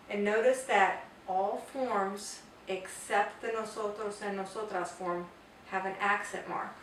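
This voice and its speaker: A woman with a medium-pitched, steady voice and a slightly slow pace teaches a Spanish grammar lesson in English, patiently spelling out examples. The recording sounds roomy, with a distant mic and faint hiss.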